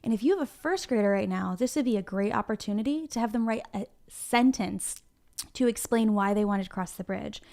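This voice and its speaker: A woman's voice: mid-range voice, brisk, darkish tone. A woman teaching a reading lesson to young children from her classroom, speaking encouragingly and directly to them. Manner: encouraging, talks straight to the children. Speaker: kindergarten teacher.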